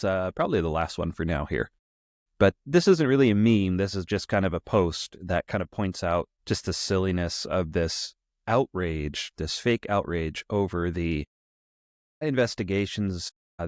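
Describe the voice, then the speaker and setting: Priest co-host, male, very low voice, dry close sound, wry rambling commentary. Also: no echo. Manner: wry, mock-gracious, rambling with restarts. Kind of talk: casual commentary chat.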